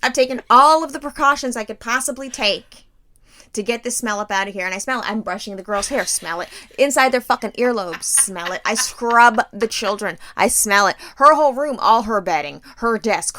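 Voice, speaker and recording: A woman in her thirties co-hosting a casual podcast, ranting loudly and profanely with comic exaggeration. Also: mid-range voice. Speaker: podcast co-host.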